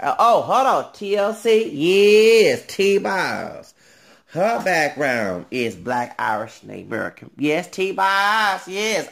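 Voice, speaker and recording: Gravelly, high-voiced man vlogging. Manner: thinks aloud with many ums, trails off then bursts louder. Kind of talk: casual rambling monologue.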